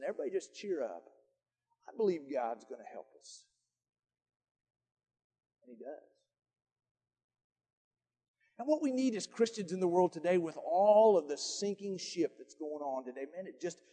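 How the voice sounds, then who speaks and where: An older man, a grandfather, preaching a folksy sermon with stories, swinging from loud emphatic lines to soft quiet ones. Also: a little high, long reverb tail. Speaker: pastor.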